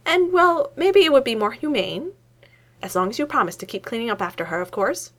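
A fussy, nervous male scientist with a cane, as a woman reads him out in a storybook. He grumbles and huffs, and his voice climbs high and shrill when he gets flustered. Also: expressive, brisk, a bit bright.

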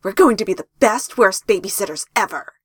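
A woman voicing an excitable, boastful boy ninja in a fanfic reading. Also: medium pitch, unhurried, husky, full character voice. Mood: excited. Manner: eager, boastful.

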